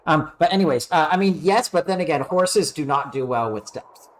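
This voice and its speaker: A man's voice: a little high, lively intonation, moderate pace. A man streaming a game live, talking in a rambling, hesitant way with many fillers.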